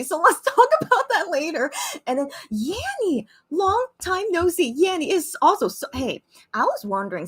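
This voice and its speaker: A young woman talks to her viewers on a live stream from home, her voice sitting a little high. She rambles in an emotional way, stopping and restarting often and filling gaps with fillers as she chats casually. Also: fairly bright tone. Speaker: vlogger hosting a live stream.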